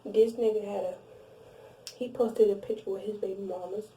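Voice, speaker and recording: A young woman with a mellow, darker voice tells a story straight to camera, blunt and animated, cursing freely and circling back over her own sentences. She sits a little back from the mic, so her voice carries a roomy echo. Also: mid-range voice, moderate pace, recorded from a distance, slight background noise. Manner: animated and blunt, heavy swearing, frequent restarts and asides. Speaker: vlogger. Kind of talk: casual storytime monologue.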